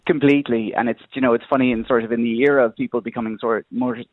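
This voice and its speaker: A man's voice: medium pitch, steady tone, very fast, dry recording. An Irish man calling a radio phone-in, talking in a hedging way with many "sort of" fillers. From Ireland. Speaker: radio caller. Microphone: telephone line. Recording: tinny phone line, dry.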